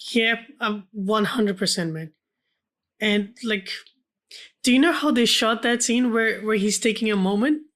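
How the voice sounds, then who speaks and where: A man co-hosting a film podcast in casual chat, speaking haltingly and filling his sentences with "like" and restarts. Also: high voice, a bit bright. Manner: hesitant, fills speech with "like" and restarts. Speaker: podcast co-host.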